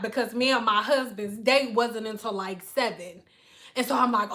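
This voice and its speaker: A woman with a Detroit accent tells a profane story in a high, bright voice on a livestream. She talks animatedly and breaks off to thank donors. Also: moderate pace. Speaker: hairstylist and livestream host.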